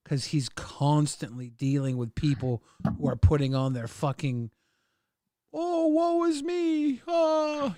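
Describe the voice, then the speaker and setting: A man's voice: medium pitch, vocal fry, no echo, studio quality. A man co-hosting a podcast in a laid-back way, swearing casually. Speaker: podcast co-host. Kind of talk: casual commentary.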